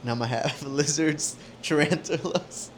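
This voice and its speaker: A man's voice: fairly high pitch, moderate pace, a little hiss or hum. A young man co-hosting a casual podcast, making playful teasing remarks. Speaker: podcast co-host. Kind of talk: casual chat.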